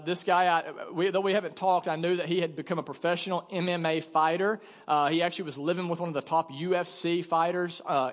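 A young adult man preaching a sermon in a church, telling a jokey story and acting out the dialogue in an animated way. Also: high voice. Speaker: pastor. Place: church hall. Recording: long church reverb.

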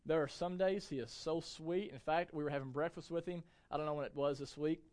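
A man's voice: a little high, fairly even intonation, fairly quick, a little mellow. A young adult man giving a church sermon as pastor, speaking with emphasis and asking the congregation frequent rhetorical questions.

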